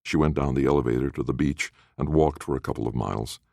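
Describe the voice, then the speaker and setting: Deep-voiced man narrating a fantasy audiobook. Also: fast, gravelly, no echo, studio quality. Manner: expressive storytelling. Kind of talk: scripted narration.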